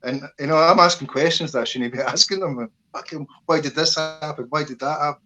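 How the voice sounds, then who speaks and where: A Scottish man and army veteran, talking as an interview guest in a casual, animated storytelling way, swearing freely and acting out voices. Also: on the high side, a little fast, low-quality recording.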